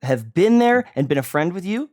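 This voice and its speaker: A man's voice: high-pitched, big pitch swings, moderate pace, darkish tone. A man hosting a stream, arguing over a call in an agitated, confrontational way, stumbling into restarts. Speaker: streamer and host. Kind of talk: heated online argument.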